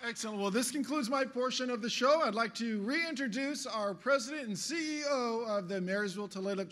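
A man's voice: very high-pitched, a little fast, hardly any pauses. A man emceeing a business event, energetically handing the stage back to the chamber president. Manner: loud, energetic announcing.

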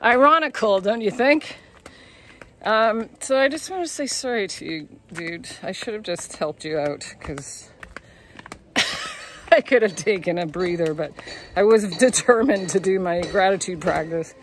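A woman's voice: mid-range voice, unhurried. Woman tour guide, casual vlog, candid and profane, laughs a lot, faint noise and clicks behind. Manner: candid, laughing, swears freely. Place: outdoors on a hillside lookout.

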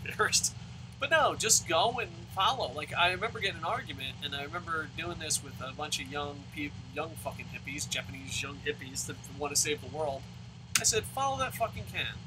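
Guy swearing nonstop while gaming, slight hiss behind. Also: fairly high pitch. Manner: ranting, swears constantly, loud outbursts. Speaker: let's play host. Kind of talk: profane gaming commentary rant.

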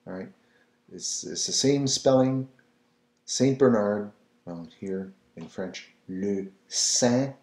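Slow patient man teaching French words. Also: low voice, gravelly, a little mellow. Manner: patient, repeats words for the listener to copy. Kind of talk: slow, repetitive pronunciation lesson. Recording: roomy echo.

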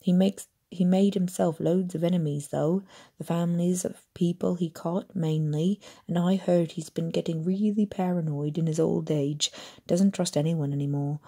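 A woman reading aloud, voicing an easygoing young adult wizard who explains things in a relaxed way, with a low, husky voice. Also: normal speed. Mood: explaining.

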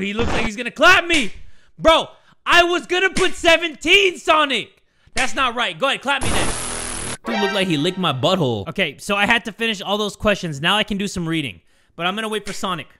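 A man giving excitable let's-play commentary, shouting and swearing at the game. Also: sits high, fairly quick, noisy background. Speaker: gaming YouTuber.

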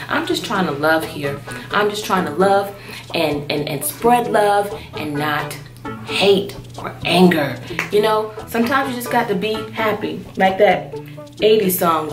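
A woman vlogger talking casually to her viewers. She is chatty and expressive and breaks into loud, alarmed exclamations. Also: mid-range voice, normal speed, over music. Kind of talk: casual vlog chat.

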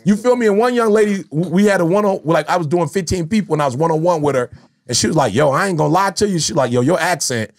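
A middle-aged man hosts a podcast, his voice pitched high with a gravelly edge. He tells his stories in an animated, slangy way. It sounds like a relaxed studio conversation. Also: fast. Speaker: podcast host, motivational speaker. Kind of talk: casual podcast chat.

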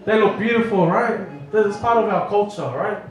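A man's voice: sits high, moderate pace. A man preaching a humorous, audience-engaging story sermon in a church hall. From New Zealand. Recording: echoey hall from far off.

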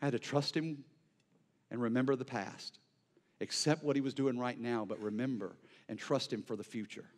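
A male pastor delivering an impassioned sermon, swinging between near-shouted peaks and hushed, quiet lows.

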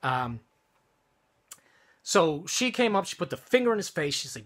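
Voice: mid-range voice, sing-song, normal speed, long pauses, fairly bright tone. A vlogger ranting to camera from a room at home, heated and swearing, often restarting sentences. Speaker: vlogger and wedding studio owner. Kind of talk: angry profane rant to camera.

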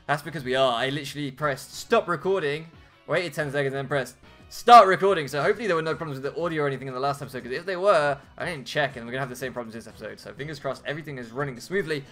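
A man's voice: on the high side, very fast, a bit bright. A young man chatting self-mockingly as host of a video game playthrough. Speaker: let's play host. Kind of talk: casual gameplay commentary. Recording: game music behind.

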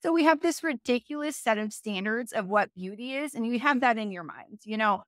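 A woman's voice: fairly high pitch, animated, brisk, fairly bright tone, no room sound, studio quality. A woman speaking as an interview guest, telling her story in a casual, chatty way, full of fillers and self-corrections and often laughing.

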